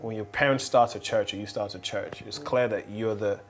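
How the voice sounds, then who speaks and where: A man's voice: on the low side, steady tone, moderate pace, soft background music. A man on a panel talking about church, emphatic and repeating words as he builds his points. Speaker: pastor's child on a panel. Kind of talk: candid panel discussion.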